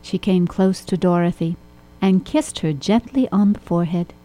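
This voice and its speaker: A woman's voice: lowish voice, normal speed, low-quality recording. Woman reading a storybook aloud. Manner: steady, expressive reading. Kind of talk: storybook narration.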